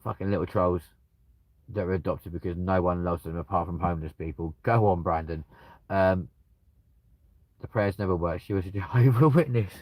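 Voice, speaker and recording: A man's voice: low-pitched, no echo. A man, banter-style streamer reading out chat and answering with crude jokes, at home. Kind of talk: casual chat. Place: at home with dogs nearby.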